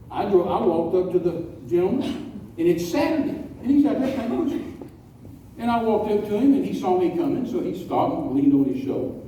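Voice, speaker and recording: A man preaching a folksy storytelling sermon, slowing down to stress key words. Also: on the high side, mellow. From West Texas. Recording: echoey hall, distant mic, faint noise.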